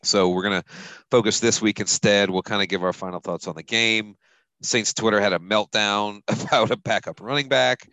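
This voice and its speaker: A man's voice: lowish voice, fairly even intonation, normal speed, pushed and bright, no echo, rough recording. A man hosting a casual sports podcast, rambling loosely and chuckling as he talks. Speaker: podcast host.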